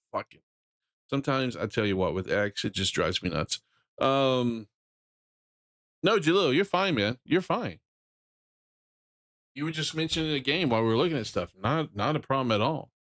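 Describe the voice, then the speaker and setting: A man's voice: medium pitch, fairly bright tone, no echo. A middle-aged man streaming games, chatting bluntly and rambling with casual profanity.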